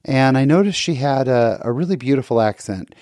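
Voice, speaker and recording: Middle-aged man, mellow voice, dry close sound, earnest reflective storytelling. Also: medium pitch, lively intonation, brisk, no echo. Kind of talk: personal story talk.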